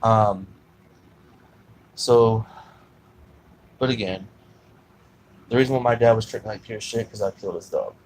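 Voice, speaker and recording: A man's voice: lowish voice, unhurried, pauses often, a little mellow, a little hiss or hum, rough recording. A man telling a personal story in a rambling, profane way, full of fillers and restarts. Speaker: vlogger telling his life story.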